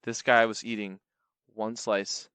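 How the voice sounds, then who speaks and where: A man telling a comedic personal story in an animated, sarcastic, playful way. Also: lowish voice, a little slow, smooth, no echo.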